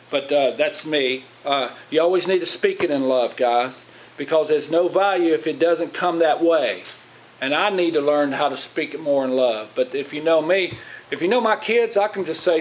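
A man preaching a plain-spoken sermon in a church, with a voice pitched a little higher than most men's. He talks conversationally and keeps asking the congregation questions. A faint hiss sits under his voice. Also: expressive, normal speed, low-quality recording. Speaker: pastor.

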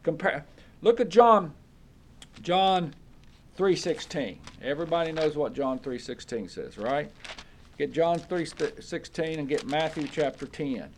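A man's voice: fairly high pitch, animated, unhurried, a little hiss or hum. A man preaching a Bible study sermon, reading verses aloud and checking in with his listeners with "okay?".

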